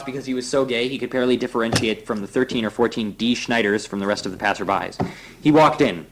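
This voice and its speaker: A man's voice: mid-range voice, fast talker. A man reads a novel aloud in a mid-range voice, loose and amused, stopping now and then for offhand asides to his listeners. A faint hiss runs under the reading. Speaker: reader.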